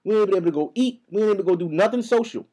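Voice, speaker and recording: A young man hosting a podcast in a casual, profane, heated rant, talking fast. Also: high voice, expressive, dark tone. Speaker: podcast host. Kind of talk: casual ranting monologue.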